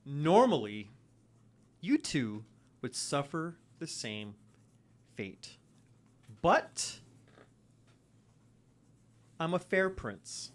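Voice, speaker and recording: A man voicing a stately female vampire prince who speaks in a low, formal, measured way. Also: big pitch swings, full character voice. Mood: cold.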